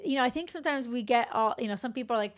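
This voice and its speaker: A woman's voice: fairly high pitch, racing. A woman in her forties hosting a dating podcast as a coach, talking bluntly in a casual monologue, swearing freely and laughing between asides.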